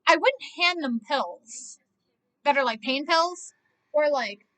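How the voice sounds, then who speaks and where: A woman's voice: sits high, animated, slow, fairly bright tone. A young woman rambling through a casual movie reaction, filling her talk with "like" and swearing freely. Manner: rambling, heavy use of "like", frequent swearing.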